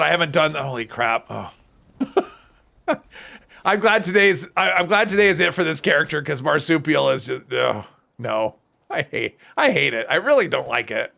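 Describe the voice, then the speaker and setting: Gravelly-voiced man streaming a game. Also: fairly high pitch, pushed and bright. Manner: chatty, reads and answers chat between game reactions. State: strained, tired voice. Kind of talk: casual live-stream chat while gaming.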